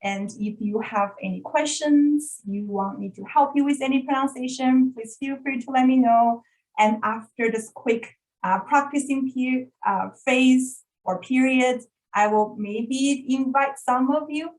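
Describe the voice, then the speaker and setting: Slow, careful woman leading a lesson. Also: a little high, rough recording. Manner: careful, demonstrative, repeats sounds for learners to copy. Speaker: workshop presenter teaching pinyin sounds. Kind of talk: online workshop instruction. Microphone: video call.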